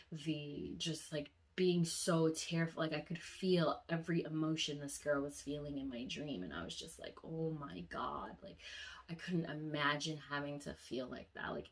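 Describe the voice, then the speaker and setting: Young woman vlogger w a deep-ish voice, chatty storytelling, goes soft and quiet when she reflects. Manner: animated storyteller, acts out quoted voices with sudden high pitch jumps; drops to a soft, low murmur when reflecting. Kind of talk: casual dream retelling.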